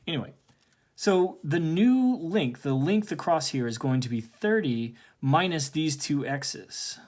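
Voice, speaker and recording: A man's voice: on the high side, expressive, unhurried, a little mellow. A man teaching a recorded calculus lesson from home, casually talking through each step aloud. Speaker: math teacher.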